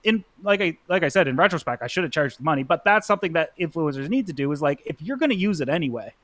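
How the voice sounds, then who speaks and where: A man's voice: a little high, lively intonation, fast talker, a bit bright, no room sound. A man talking as a podcast guest in a loose, rambling casual way, full of fillers. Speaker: guest influencer. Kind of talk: casual chat.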